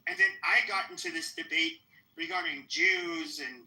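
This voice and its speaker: Sharp, taunting man ranting on a podcast. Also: fairly high pitch, normal speed. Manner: profane, taunting, repetitive. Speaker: podcast host. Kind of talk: confrontational live-stream rant. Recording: roomy echo.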